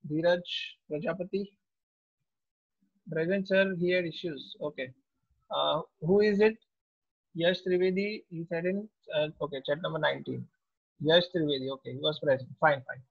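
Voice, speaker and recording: A man, a teacher taking attendance in an online class in a slow, unhurried way. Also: on the high side, fairly even intonation, vocal fry, slightly rough. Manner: slow, unhurried roll call. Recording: tinny, phone-like audio.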